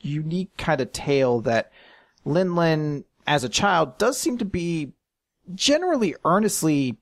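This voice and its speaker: A man's voice: on the high side, very animated, unhurried, no echo, clean studio sound. A man co-hosting a podcast, giving rambling opinions in casual chat full of tangents and restarts. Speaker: podcast co-host.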